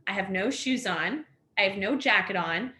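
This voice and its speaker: A woman in her thirties recounts her story on a video call, with lots of "like" and "next thing you know." Her voice is bright and forceful. The room around her sounds echoey. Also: mid-range voice, animated, moderate pace. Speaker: house fire survivor, webinar guest. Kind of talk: personal storytelling on a webinar.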